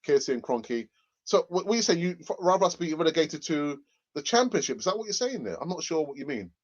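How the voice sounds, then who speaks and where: Excitable man, dull lo-fi stream audio. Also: on the high side, a little fast. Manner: excitable, repeats phrases for emphasis. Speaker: football fan channel host. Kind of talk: casual livestream chat.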